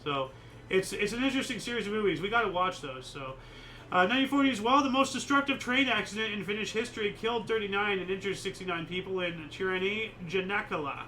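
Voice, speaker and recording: A man's voice: high voice, quick pace, pushed and bright, a little hiss or hum, rough recording. A man hosting a casual history chat show, reading out dates and chatting about them in a rambling, opinionated way with many fillers. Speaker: host.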